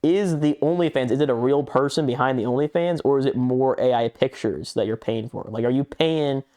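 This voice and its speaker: A man's voice: mid-range voice, fairly quick, dark tone. A young man co-hosting a podcast in casual chat, telling a rambling story, acting out chat messages and swearing often. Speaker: podcast co-host.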